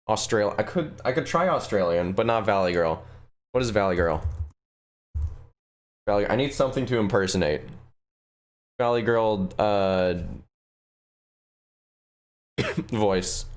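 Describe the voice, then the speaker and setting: A man streaming a game live, chatting casually with viewers and rambling through their requests. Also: lowish voice. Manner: rambling, answers chat requests, restarts sentences. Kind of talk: casual live-stream chat while gaming.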